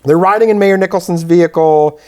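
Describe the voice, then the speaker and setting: A man's voice: high-pitched, a little fast, darkish tone. A man co-hosting a casual movie talk show, retelling scenes and slipping into brief character voices. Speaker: podcast co-host. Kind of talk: casual movie commentary chat.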